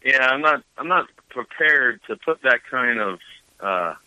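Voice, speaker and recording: A man's voice: mid-range voice, animated, measured pace, sharp tone, no echo, highs cut off. A man chatting on a podcast as its regular movie reviewer, laid-back and casually swearing, laughing often.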